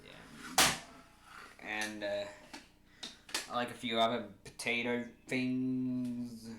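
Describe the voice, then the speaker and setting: A man's voice: mid-range voice, very slow. Rambling jokey man in an echoey room. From Oceania. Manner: rambling, jokey, self-correcting. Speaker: vlogger pitching a fan creature idea. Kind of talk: casual rambling chat to camera. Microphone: camera mic. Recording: echoey room with faint hiss.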